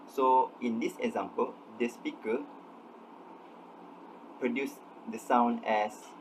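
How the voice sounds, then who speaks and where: A man's voice: medium pitch, fairly even intonation, moderate pace, noisy background. A young man, a student, reading a scripted class presentation and explaining examples step by step in a methodical way. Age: young adult.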